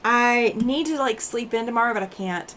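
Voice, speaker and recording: A giggly, chatty woman with a fairly high voice talks casually while she works on her quilting. She laughs often as she reads out viewer comments, and she sounds a bit tired after a day on the road. A soft room hum sits faintly behind her. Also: moderate pace. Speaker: quilting livestream host.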